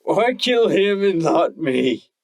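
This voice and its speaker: A man's voice: fairly high pitch, very animated, slow pace, gravelly, a little mellow, no echo, voice pushed up, exaggerated voice. A man voicing a desperate, grieving young male pony in an audiobook, pleading and tearful. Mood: despairing.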